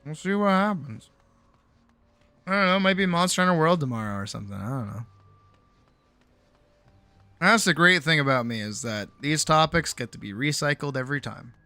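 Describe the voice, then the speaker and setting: Tired, bright-voiced late-night streamer, swearing. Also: male voice, on the high side, normal speed, pauses often, smooth, no room sound. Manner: rambling, swears freely, self-mocking. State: tired, sore jaw. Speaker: streamer and animator. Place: home streaming setup.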